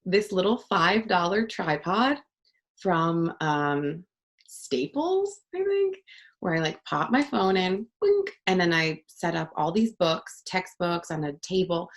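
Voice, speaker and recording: A young woman talks in a relaxed, chatty way, full of fillers and quick asides. Her voice sits low for a woman. She is recorded on a home studio mic. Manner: chatty, upbeat, many fillers. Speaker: voice actor guest. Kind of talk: casual interview chat.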